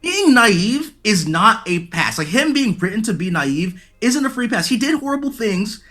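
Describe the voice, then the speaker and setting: A man with a high, bright, sharp voice chats casually and rants in exasperation. He mocks what he is discussing. Faint music plays softly behind him. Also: very animated, normal speed. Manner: exasperated, ranting, mocking. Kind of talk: casual chat.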